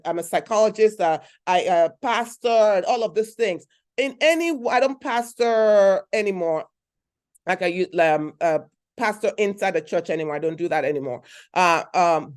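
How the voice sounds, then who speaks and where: A woman giving an emphatic motivational talk, repeating her points and checking in with the audience. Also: fairly high pitch. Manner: emphatic, repeats phrases, asks the audience questions. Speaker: speaker at a conference.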